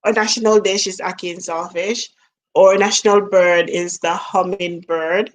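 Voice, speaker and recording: A woman's voice: on the low side, steady tone, moderate pace. A middle-aged woman from Jamaica with a Jamaican accent, talking to camera in a casual, musing vlog, trailing off and laughing at herself. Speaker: vlogger. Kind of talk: casual reflective monologue.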